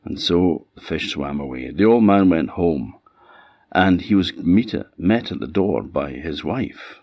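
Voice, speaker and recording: A man with an Orkney accent from Scotland telling a folktale in a lively, animated oral style. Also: deep voice, a little slow, dry recording. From Orkney Islands, Scotland. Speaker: storyteller. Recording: dull lo-fi sound.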